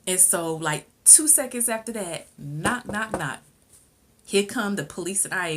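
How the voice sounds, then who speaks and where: A woman reviewing a TV episode in casual chat, sassy and animated, often laughing. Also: medium pitch, a little slow, slight background noise. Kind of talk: casual chat, recapping a show.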